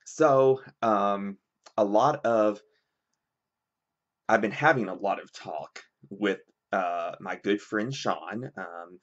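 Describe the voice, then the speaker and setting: Young male vlogger, low-ish voice, rambling casual delivery, muffled lo-fi recording. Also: takes it slowly. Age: young adult. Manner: rambling, lots of fillers, switching between a soft and a deep voice. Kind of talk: casual talk to camera.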